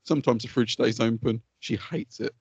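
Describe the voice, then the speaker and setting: A man co-hosting a podcast, chatting casually, swearing freely and telling animated stories. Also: medium pitch, normal speed, slightly rough, no echo, muffled recording. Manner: swears freely, animated storytelling with put-on quotes. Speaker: podcast co-host. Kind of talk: casual chat.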